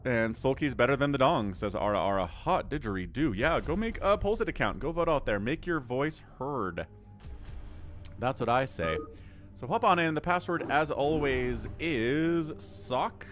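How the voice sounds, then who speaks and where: A man's voice: mid-range voice, lively intonation, measured pace, fairly bright tone. A man hosting a live game stream, chatting with viewers in an upbeat, chatty way and thanking them by name. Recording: music playing behind.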